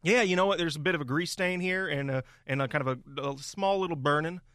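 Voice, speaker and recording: A man's voice: on the high side, fast talker, bright, forceful tone, no echo, studio quality. Man playing laid-back guy Buck. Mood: rambling. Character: easygoing everyman named Buck. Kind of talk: improv character.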